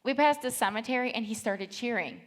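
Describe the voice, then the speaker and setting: A woman in her thirties preaching a sermon, reading scripture aloud with earnest feeling and telling lively stories from her family. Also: a little high, fairly quick. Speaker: church speaker.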